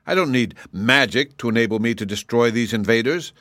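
A man voicing a boastful old gnome king who talks in a loud, bragging, indignant way. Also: medium pitch, animated, moderate pace, no room sound, clean studio sound, voice pushed up, natural voice. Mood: defiant.

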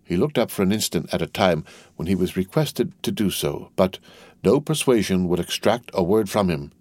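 Man, audiobook narrator, deep low voice, measured steady reading, dry close recording. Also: no echo. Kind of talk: scripted narration.

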